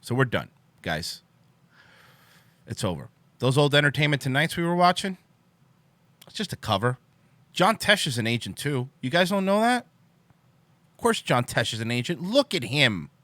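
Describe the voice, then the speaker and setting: A man hosting a livestream, giving a deadpan, mock-solemn monologue from a home setup in front of a green screen. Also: mid-range voice, normal speed, long pauses, no echo. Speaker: livestream host.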